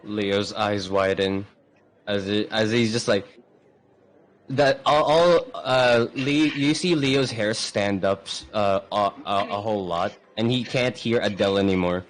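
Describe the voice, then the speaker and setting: A man playing a tabletop role-playing game, describing his character's actions with halting restarts and fillers. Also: on the low side, steady tone, poor audio. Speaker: player.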